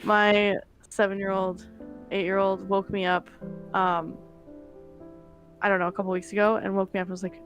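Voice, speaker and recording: A woman's voice: mid-range voice, level tone, normal speed, long pauses, soft background music. Chatty woman telling a story. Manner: storytelling, laughing asides. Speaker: co-host. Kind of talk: casual chat.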